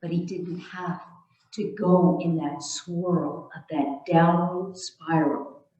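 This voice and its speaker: A female minister giving a sermon in a calm, deliberate way. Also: lowish voice. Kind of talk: slow sermon. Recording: echoey, distant, dull sound.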